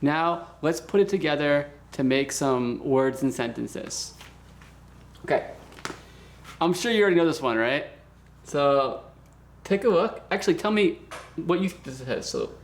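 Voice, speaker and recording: Male teacher, casual lesson delivery, gravelly edge, drills words slowly. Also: fairly high pitch, slight background noise. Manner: relaxed, chatty, repeats words slowly for practice. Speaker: language teacher.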